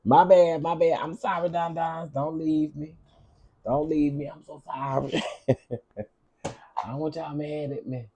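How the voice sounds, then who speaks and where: A man's voice: a little high, level tone, a little slow, gravelly, long pauses, mellow, a little hiss or hum. A man hosting a cooking channel, chatting casually with his livestream viewers, greeting them by name and repeating himself often.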